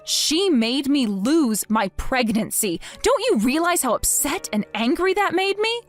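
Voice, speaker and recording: A woman's voice: high voice, very animated, measured pace, soft background music. A woman voicing a cold, vengeful wife. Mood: taunting. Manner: mocking, sarcastic. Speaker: wife in a text-message story.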